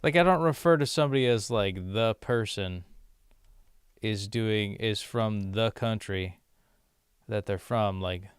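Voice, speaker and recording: Man, from the US, low-ish smooth voice, dry close sound, casual rambling vlog talk, lots of "like" fillers. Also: unhurried, dry recording. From United States. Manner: rambling, many "like" fillers, amused. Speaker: vlogger learning a language. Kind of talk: casual commentary while doing app lessons.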